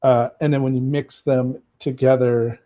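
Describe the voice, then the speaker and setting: With a dark, mid-range voice and a level tone, an American game master speaks at a measured pace as a podcast guest. He discusses running games in casual conversation, rambling and peppering his speech with fillers and restarts.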